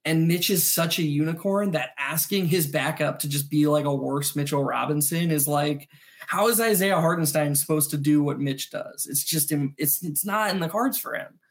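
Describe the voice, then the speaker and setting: A man co-hosting a postgame sports podcast, breaking down plays in quick, animated analysis with some restarts. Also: fairly high pitch. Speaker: podcast co-host.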